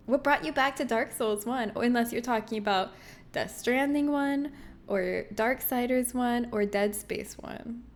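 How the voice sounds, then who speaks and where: Woman streamer, slightly high voice, playful and giggly, casual chat. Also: slight background noise. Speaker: game streamer. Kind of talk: casual livestream chat with viewers.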